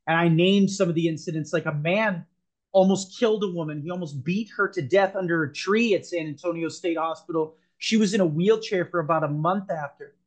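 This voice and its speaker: A man's voice: a little high, brisk. A man as a podcast guest, earnestly telling a personal story, rambling with frequent restarts.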